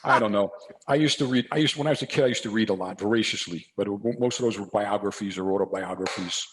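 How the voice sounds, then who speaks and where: A man's voice: fairly low pitch, fast, slight background noise. An older man from New Jersey, a podcast guest, telling a story and acting out both sides of the talk. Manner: animated storyteller acting out dialogue. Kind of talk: casual storytelling interview.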